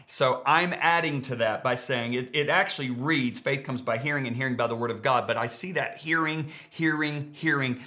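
A middle-aged pastor preaching a sermon, emphatic and repeating key words for stress. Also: male voice, mid-range voice, pushed and bright.

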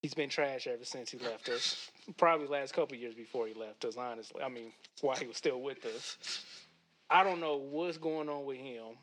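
A young man from the Kansas City area, a podcast guest in casual chat, laid-back and quick to laugh. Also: mid-range voice, noisy background. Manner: laid-back, laughs often, says bro a lot.

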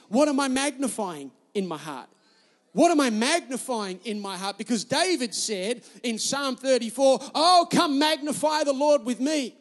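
A man's voice: extremely high pitch, long reverb tail. A man, a pastor preaching a sermon with emphatic repetition and storytelling.

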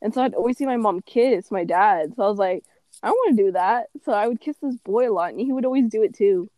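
A woman's voice: mid-range voice, quick pace, warm tone, dry recording. A woman telling a rambling childhood story in casual chat, laughing often and acting out her own lines. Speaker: podcast host.

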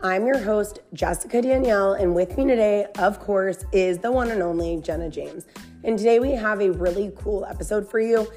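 A woman's voice: mid-range voice, normal speed, a little mellow, soft background music. A woman with a scratchy voice hosting a podcast, upbeat and casual, saying "like" often. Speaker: podcast host.

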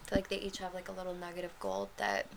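A woman's voice: on the low side, big pitch swings, very fast, vocal fry, slight background noise. A woman co-hosting a casual chat, rambling with many fillers and restarts. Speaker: podcast co-host.

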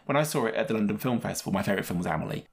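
A man's voice: lowish voice, animated, very fast, creaky. A man co-hosting a film podcast in a casual, rambling, digressive way, often chuckling between points. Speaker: podcast co-host and film reviewer.

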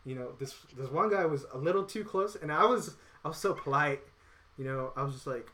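A man's voice: on the high side, fairly quick, fairly bright tone. A man telling a story in casual chat, rambling with lots of filler words and acting out the lines of the people in it. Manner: rambling, acts out quoted dialogue.

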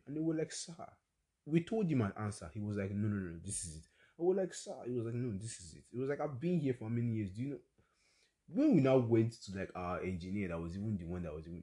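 Young man, Nigerian accent, low voice, swooping pitch, chatty podcast storytelling. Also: warm tone. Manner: chatty, exclamatory, quick asides. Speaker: podcast host. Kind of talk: casual solo storytelling podcast.

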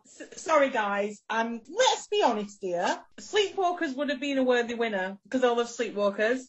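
A woman's voice: on the high side, animated, moderate pace, few pauses. A woman co-hosting a podcast in casual chat, laughing often and swearing playfully. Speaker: podcast co-host.

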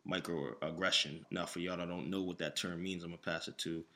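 A man's voice: deep voice, a little fast. A man hosting a casual podcast, talking in a laid-back way with lots of fillers. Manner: laid-back, filler-heavy, relaxed delivery. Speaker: podcast host.

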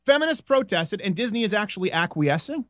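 Animated joking male podcast host. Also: sits high, fairly quick, dry recording. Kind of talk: casual comedic podcast banter.

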